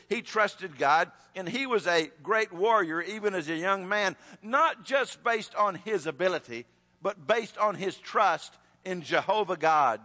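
High bright preacher in a hall. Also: male voice. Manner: storytelling, conversational, with restarts. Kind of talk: sermon.

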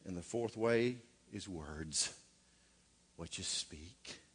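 Bright-voiced folksy preacher man. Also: low voice, takes it slowly, breathy edge. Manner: folksy, joking asides, rhetorical questions. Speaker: pastor. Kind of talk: sermon.

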